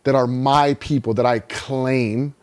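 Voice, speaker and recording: A man's voice: medium pitch, fairly even intonation, a little slow, darkish tone, clean tone. A middle-aged man who co-hosts a podcast, chatting casually in a thoughtful way and often agreeing along. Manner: reflective, frequent agreeing backchannels. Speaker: podcast co-host. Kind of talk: casual chat.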